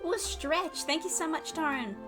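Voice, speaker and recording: A woman's voice: high-pitched, normal speed, music in the background. A young woman streaming as she draws, chatting casually with viewers and giggling often. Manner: chatty, giggly, talks to chat. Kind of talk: casual chat while drawing on stream.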